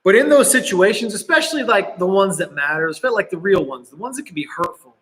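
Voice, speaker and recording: A man's voice: sits high, expressive, fast, a bit bright. A young man preaching to students as a youth pastor, telling a story in a casual, earnest way with lots of fillers. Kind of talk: youth sermon. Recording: reverberant hall.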